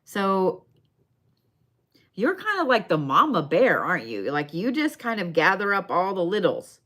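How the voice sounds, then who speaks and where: A woman's voice: medium pitch, very animated, unhurried, fairly bright tone. A woman giving bone readings on a live stream in a casual, chatty way, swearing now and then and talking straight to her viewers. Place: her shop.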